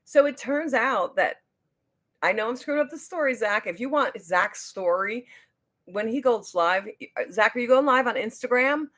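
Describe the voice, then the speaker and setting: A woman, a beauty vlogger telling a story on a casual livestream at home. She rambles, loses her train of thought, and jumps into high, excited voices when she quotes people. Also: moderate pace. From New Jersey.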